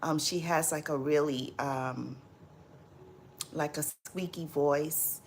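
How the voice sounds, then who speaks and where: Slow-talking woman hosting a livestream. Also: low voice, fairly even intonation, a little hiss or hum. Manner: chatty and unhurried, trailing off with ums and repeats. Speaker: livestream host reading viewer comments. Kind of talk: casual livestream chat.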